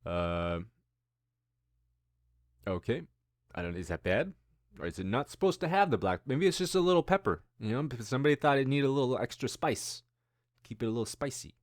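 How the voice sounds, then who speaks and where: A man's voice: medium pitch, sing-song, a little fast, long pauses, no room sound, studio quality. A man in his thirties hosting a casual news-commentary show, rambling and musing with self-deprecating asides. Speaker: host.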